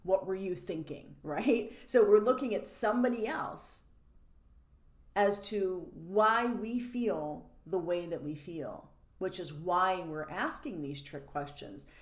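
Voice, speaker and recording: A woman talks through her teaching with lively energy, laughing now and then and putting on the voices of the questions she describes. Her voice sits on the low side. The recording has a noticeable roomy echo. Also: takes it slowly. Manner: animated, laughs between points, acts out quoted questions. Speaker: codependency coach. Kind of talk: teaching monologue.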